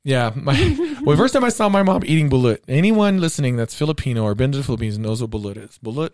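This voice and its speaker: A man's voice: medium pitch, very animated, fast, a little mellow. A man telling a long personal story in casual chat, laughing often.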